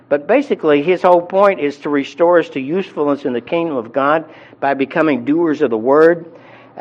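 Dull audio captures a man's voice on the high side. A pastor, he preaches a sermon in a conversational teaching style, with frequent fillers and restarts.

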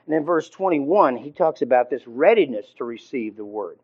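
A male Bible teacher preaches in a loose, conversational way, stopping and restarting with plenty of fillers and frequent throat clearing. His voice sits in an ordinary middle pitch. The recording sounds muffled and lo-fi. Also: lively intonation. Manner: informal, halting, many fillers and restarts. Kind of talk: conversational sermon. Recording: dull lo-fi recording.

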